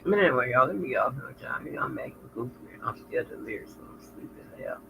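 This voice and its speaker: A woman's voice: a bass voice, lively intonation, quick pace, vocal fry. A woman vlogger chatting frankly and profanely with her viewers, telling stories in a loose, candid way. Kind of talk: casual chat to viewers. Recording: lo-fi with faint noise.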